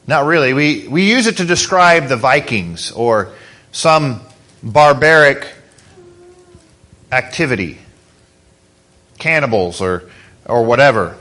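A man's voice: fairly high pitch, pushed and bright. A man preaching a sermon as pastor, in a conversational way, asking the congregation questions.

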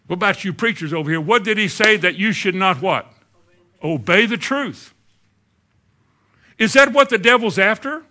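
A man preaches a sermon, talking with his congregation more than at them. His voice sits a bit high and rings bright and forward. He keeps tossing questions out to the room as he goes. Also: expressive, moderate pace, pauses often.

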